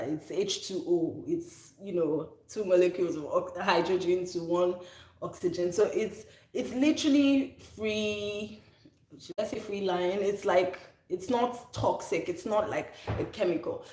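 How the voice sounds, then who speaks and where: A soap maker and channel host in her thirties chats casually in a lowish, slightly mellow voice. She rambles and corrects herself, recorded in an echoey room.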